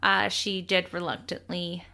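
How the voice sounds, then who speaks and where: A young woman co-hosting a casual true crime podcast, chatty and quick to laugh, swearing casually as she tells the story. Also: lowish voice, level tone, vocal fry, pushed and bright.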